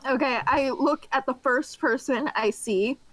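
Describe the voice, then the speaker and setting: A loud, excitable woman joins in at the game table. The sound is dry and close. Her voice sits slightly high. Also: measured pace, no room sound, low-quality recording. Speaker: player. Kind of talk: casual chat at a game table.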